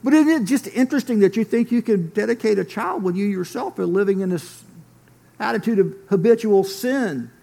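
Gravelly high-voiced man preaching. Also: expressive, fairly quick, dark tone. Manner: earnest storytelling, often says "man". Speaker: pastor. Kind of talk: sermon.

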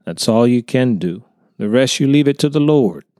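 A man's voice: mid-range voice, lively intonation, moderate pace, dark tone, dry recording, clean studio sound, natural voice. A man voicing a genial Southern neighbor, a retired counselor, with a folksy drawl in a storybook reading.

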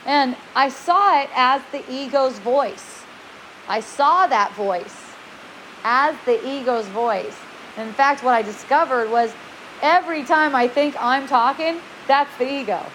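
A woman in her forties telling personal stories in a chatty, animated way, acting out quoted lines and laughing often. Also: sits high, a little slow, slight background noise, low-quality recording. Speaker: speaker sharing spiritual experiences. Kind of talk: personal storytelling talk.

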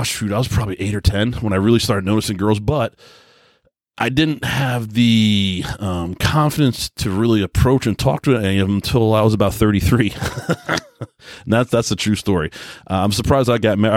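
A man's voice: fairly low pitch, dry recording, clean studio sound. Rambling man musing on a solo podcast. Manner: rambling, self-deprecating storytelling with frequent restarts and fillers. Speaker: podcast host. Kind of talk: casual solo podcast monologue.

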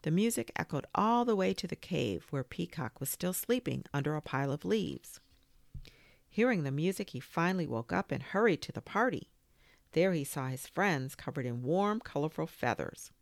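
A woman with a low, gravelly voice reads a children's story aloud as a podcast host, gentle and expressive. She speaks slowly with wide rises and falls in pitch, and the sound is close and dry, with no room sound.

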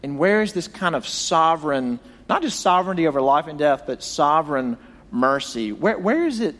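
A man's voice: a little high, lively intonation, moderate pace, a bit bright, big-room sound. A male pastor preaching a sermon, retelling a story dramatically and acting out the quoted voices.

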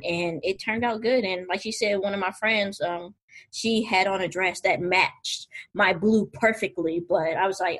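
Husky-voiced woman telling her story. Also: mid-range voice, fairly even intonation, unhurried, poor audio. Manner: storytelling, emotional. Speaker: interview guest, spouse. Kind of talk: casual conversation.

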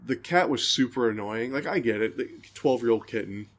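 A man's voice: mid-range voice, brisk. A man co-hosting a podcast, telling long, rambling stories and laughing at them in casual chat. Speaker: podcast co-host.

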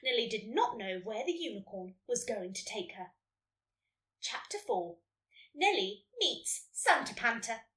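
Animated woman narrator for a kids' story read, high bright voice. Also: unhurried. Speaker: podcast host reading a listener story. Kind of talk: storybook reading. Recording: roomy echo, distant mic.

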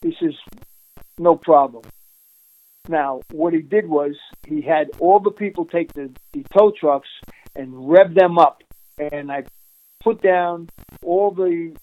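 A man being interviewed, telling an animated, streetwise story with frequent laughs and restarts. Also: fairly high pitch, no room sound, rough recording. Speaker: interviewee recounting undercover work.

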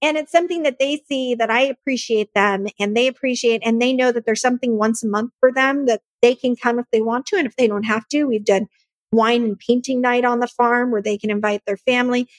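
A bubbly woman in her thirties talks earnestly and with feeling as a podcast guest. Her voice sits on the high side. The sound is dry and close. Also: steady tone, a little fast, no echo. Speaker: nonprofit founder, podcast guest. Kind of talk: casual interview chat.

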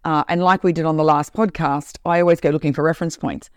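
A woman who is a corporate trainer and podcast host, telling a story in an animated, emphatic way in a casual monologue. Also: deep voice, quick pace, clear, resonant tone, no echo, clean studio sound.

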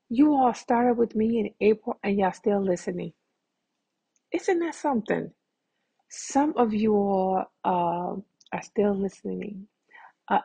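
A woman's voice: mid-range voice, creaky, warm tone, breathy edge. A woman hosting a casual solo podcast from home, chatty and talking straight to her listeners as "y'all.". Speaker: podcast host.

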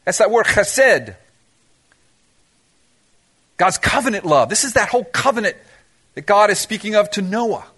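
A man's voice: sits high, animated, a little slow, long pauses, a bit bright, breathy edge. A man preaching a sermon, asking the congregation rhetorical questions and mixing in humorous asides. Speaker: pastor.

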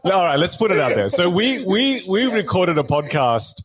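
A man co-hosting a relaxed podcast in a voice a little higher than most men's. He teases his partner playfully and trips over his own sentence starts as he gets going. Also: normal speed, hardly any pauses, husky. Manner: playful, teasing, with repeated restarts. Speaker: podcast co-host, keynote speaker. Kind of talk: casual podcast chat.

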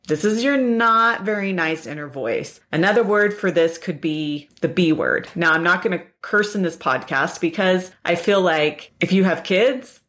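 A woman hosting a self-help podcast in an earnest monologue full of repeated rhetorical questions. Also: fairly low pitch. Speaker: podcast host.

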